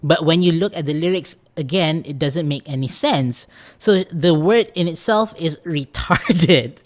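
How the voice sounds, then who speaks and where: A man hosting a relaxed podcast conversation. He talks in an animated, exasperated way and laughs a lot. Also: on the high side, a little slow. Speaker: podcast host. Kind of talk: casual chat.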